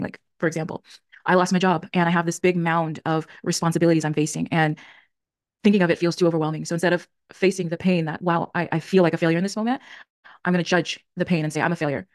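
A woman's voice: on the low side, no echo, studio quality. A woman in her thirties hosting a solo podcast, speaking in an earnest, reflective way and often correcting herself mid-sentence. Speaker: podcast host. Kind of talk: solo podcast talk on emotions.

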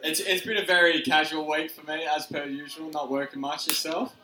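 A man's voice: a little high, level tone, brisk, pushed and bright, a little hiss or hum. A man co-hosting a live podcast, laid back, chiming in with short remarks. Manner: laid-back, brief interjections. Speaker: podcast co-host. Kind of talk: casual live podcast banter. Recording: echoey room with faint music.

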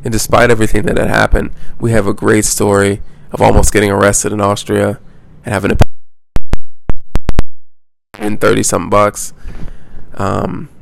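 A young man from the United States tells a travel story in a loose, rambling way, swearing freely and restarting his sentences. His voice sits low and flat, with a gravelly edge. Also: moderate pace, pauses often, noisy background. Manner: rambling, profane, full of restarts. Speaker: travel vlogger. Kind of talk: casual storytelling.

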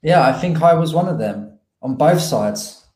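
A man's voice: a little high, expressive, unhurried, dark tone. A man chatting casually and reflectively, a little self-deprecating, as a podcast co-host. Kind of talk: casual chat. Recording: roomy echo.

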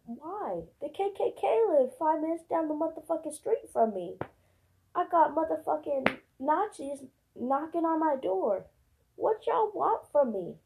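A young woman vents straight to camera in a casual, rambling rant, heavy on swearing and rhetorical questions. Her voice sits a little high but has a dark, mellow color. A gravelly fry runs through it. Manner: profane, rambling rant with many fillers. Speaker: vlogger. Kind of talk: casual ranting monologue.

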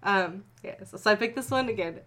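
A woman's voice: medium pitch, brisk, fairly bright tone. A woman co-hosting a casual chat, joking and swearing freely and reading fan fiction aloud. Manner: profane, joking. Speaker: podcast co-host.

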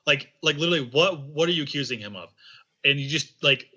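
A man's voice: fairly high pitch, animated, quick pace, sharp tone, highs cut off. A man in casual political chat on a podcast, rambling with many fillers and swearing. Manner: rambling, heavy on filler "like", profane.

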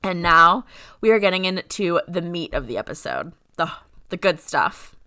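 Bright-toned young woman, easygoing chat. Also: on the low side, moderate pace. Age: young adult. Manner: relaxed and chatty, laughs often, steers the conversation. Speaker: podcast co-host. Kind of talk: casual chat.

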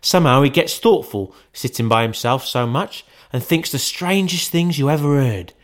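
A man voicing a poor, gentle father who speaks tenderly with a slight tremble in a storybook reading. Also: mid-range voice, expressive, normal speed, voice pushed up, lightly acted.

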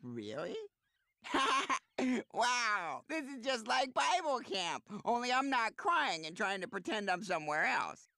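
A man's voice: high voice, sing-song, unhurried, gravelly, bright, forceful tone, no echo, exaggerated voice. A man voicing an awkward, dopey teenage boy in a cartoon sitcom. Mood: amused.

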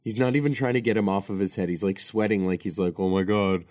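A man's voice: on the low side, fast, a little mellow. A man co-hosting a casual game-review chat who speaks bluntly and dryly. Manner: dry, blunt. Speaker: co-host.

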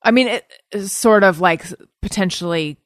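A woman's voice: mid-range voice, moderate pace, no echo, clean studio sound. A woman hosting a podcast, chatting casually with wry, self-deprecating asides. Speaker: podcast host.

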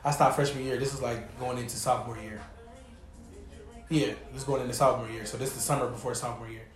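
A man's voice: mid-range voice, steady tone, fast, soft background music. A young man hosting a podcast, telling stories in a laid-back way with heavy slang. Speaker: podcast host. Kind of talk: casual chat. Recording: echoey room.

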